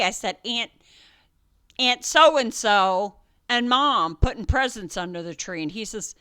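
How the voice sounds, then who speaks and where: A woman's voice: medium pitch, expressive, a little slow, sharp tone, clear, resonant tone. An older woman, a grandmother who hosts a gaming channel, chatting casually and rambling through a family story with fillers and laughs.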